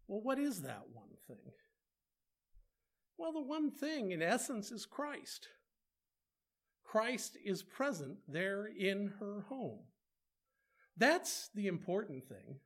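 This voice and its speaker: A man's voice: on the high side, big pitch swings, a little slow, sharp tone. A man preaching a conversational sermon, asking rhetorical questions and slipping in playful asides.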